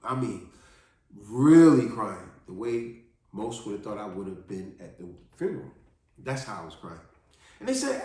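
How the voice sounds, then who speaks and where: A man telling a personal story in an earnest, animated monologue, often restarting his sentences. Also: lowish voice, normal speed. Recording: very echoey room.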